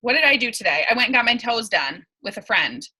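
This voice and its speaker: Brief: bright-voiced young woman, team leader, chatty and emphatic, video-call mic. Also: on the high side, big pitch swings, a little fast, breathy edge, rough recording. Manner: chatty, emphatic, laughs often. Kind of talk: casual coaching talk on a video call.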